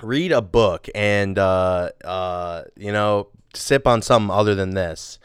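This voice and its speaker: A young man co-hosting a podcast, trading sarcastic jokes and laughing often. His voice is low and smooth, close on the mic and completely dry. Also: unhurried, no room sound. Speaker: podcast co-host. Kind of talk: casual chat.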